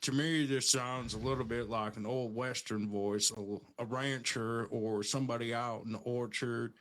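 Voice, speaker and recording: A man putting on the slow, drawling voice of an old Western rancher. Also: mid-range voice, fairly even intonation, a bit bright, lightly acted.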